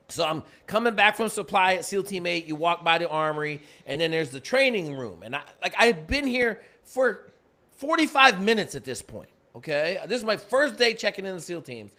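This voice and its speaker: Male guest storyteller, animated and profane, higher register, bright edge. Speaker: former Navy SEAL guest. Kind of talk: storytelling in a casual podcast chat.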